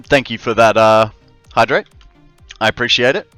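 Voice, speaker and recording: An Australian man streams a game, joking and chatting with his viewers as he plays, with faint music in the background. His medium-pitched voice is smooth and fairly bright, with fairly even intonation and a moderate pace, on a dry recording.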